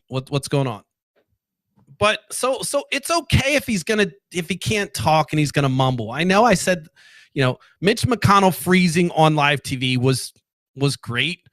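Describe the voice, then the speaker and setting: A sarcastic man rants loosely to his viewers, swearing freely and wandering off on tangents. His voice sits a bit higher than most men's. The sound is close and dry, with no room around it. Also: a bit bright, no echo. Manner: profane, rambling, sarcastic. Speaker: political commentary host. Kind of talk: casual solo rant to camera.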